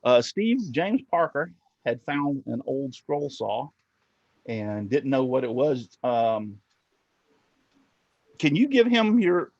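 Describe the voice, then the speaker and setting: A man's voice: medium pitch, big pitch swings, slow, pauses often, a little mellow, no echo. Older male host, easygoing folksy joke teller on a muffled, dry live stream. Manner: folksy, chuckling storyteller. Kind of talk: casual livestream chat and joke telling. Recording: dull, dry lo-fi stream audio.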